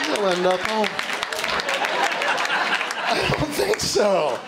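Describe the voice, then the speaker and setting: Male stand-up comic with a high voice, animated and act-out heavy, on a noisy live stage. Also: measured pace, vocal fry, pauses often. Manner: animated storytelling with acted-out voices. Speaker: stand-up comedian. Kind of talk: stand-up comedy set. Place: stage before a live audience. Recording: live show with loud crowd and noise. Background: audience laughter.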